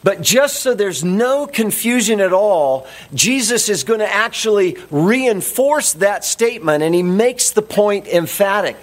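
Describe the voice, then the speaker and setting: Slow, high-voiced male preacher. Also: expressive. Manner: deliberate, emphatic preaching with repeated key phrases. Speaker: pastor. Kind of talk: sermon.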